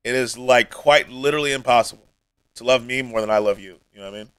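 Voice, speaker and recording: A man's voice: medium pitch, quick pace, fairly bright tone, clear, resonant tone, dry recording, poor audio. A male streamer talking to his chat in a rambling, heartfelt way, emotional and close to tears, often dropping almost to a mumble. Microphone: streaming mic.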